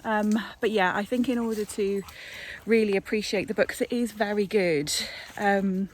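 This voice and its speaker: A woman's voice: medium pitch, fairly even intonation, normal speed, a little hiss or hum. A woman, chatting casually in a book vlog, rambling along with plenty of fillers. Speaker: book vlogger.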